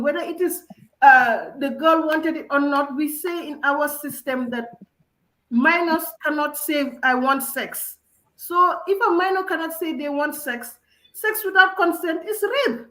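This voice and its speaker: A woman arguing passionately in a discussion, emphatic and forceful, slipping into Wolof phrases. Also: sits high, roomy sound, poor audio. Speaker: discussion panelist.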